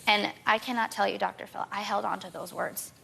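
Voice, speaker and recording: A woman in her twenties, a talk show guest, rushing through an emotional personal account and repeating herself as she pleads her case. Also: mid-range voice, fairly even intonation, creaky, sharp tone, a little hiss or hum.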